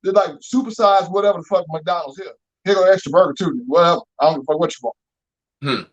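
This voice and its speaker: High-voiced, profane storyteller. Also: male voice, fast talker. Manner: profane, animated, acts out quoted dialogue. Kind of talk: casual storytelling chat. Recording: dull lo-fi recording.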